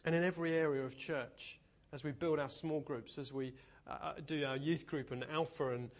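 High-voiced man preaching. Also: normal speed. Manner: animated storytelling, lively and humorous. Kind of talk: sermon. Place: church.

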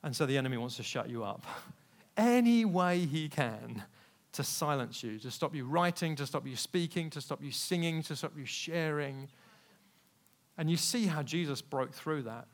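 A man preaching a sermon in church, telling a personal story and moving between hushed passages and loud, emphatic ones. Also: on the high side, moderate pace. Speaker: pastor.

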